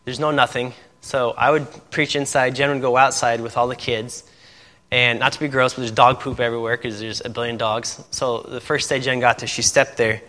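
Here the Indiana missionary pastor keeps a level tone at a moderate pace, his mid-range voice pushed and bright. He is telling sermon stories in church and frequently laughing at them, recorded with the long reverb of a church hall.

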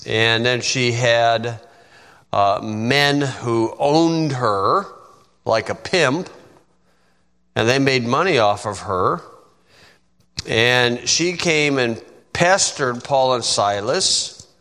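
A man's voice: medium pitch, expressive, sharp tone. A man from the United States, a pastor teaching a Bible lesson in an informal, folksy way with joking asides. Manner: folksy, joking asides, slow deliberate delivery. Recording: long reverb of a hall.

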